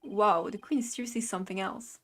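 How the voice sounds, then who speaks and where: A woman's voice: medium pitch, a little fast. A woman streamer giving casual, giggly commentary on a game, swearing offhandedly.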